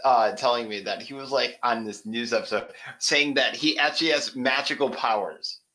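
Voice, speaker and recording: A man co-hosting a podcast, reacting with excitement in casual chat. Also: mid-range voice, moderate pace. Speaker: podcast co-host.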